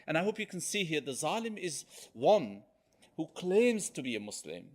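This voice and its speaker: A man's voice: a little high, very animated, normal speed. A man giving a Friday sermon as a preacher, telling a story animatedly and often checking in with "okay?".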